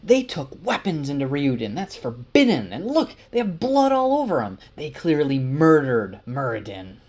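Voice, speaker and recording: A man voicing a hotheaded male warrior who shouts angry accusations, in a book summary. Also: on the high side, huge pitch swings, moderate pace, voice pushed up. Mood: accusing.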